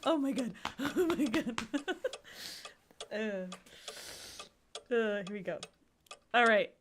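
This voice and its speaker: Giggly excitable woman streaming a game. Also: fairly high pitch, drawn-out words, noisy background. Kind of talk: let's-play livestream commentary.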